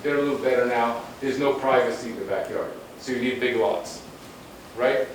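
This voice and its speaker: A man's voice: mid-range voice, moderate pace. A man delivers a planning presentation to a room, his voice in the middle range. He speaks emphatically and casually, with blunt asides and frequent restarts. His voice is picked up from a distance in a heavily echoing hall with faint noise underneath. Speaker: guest lecturer on urban planning. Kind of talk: conference presentation with slides.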